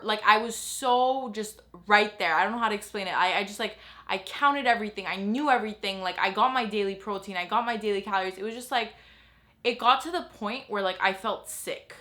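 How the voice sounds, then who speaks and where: A young woman from Los Angeles, vlogging in a candid, halting way, with many fillers and restarts. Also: medium pitch, sharp tone. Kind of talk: confessional vlog talk.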